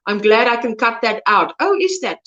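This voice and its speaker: A woman's voice: a little high, sing-song, moderate pace, fairly bright tone, muffled recording. A South African woman, native Afrikaans speaker, hosting a crochet livestream, chatting casually and rambling as she reads out viewer comments. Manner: chatty, rambling, loses words mid-sentence.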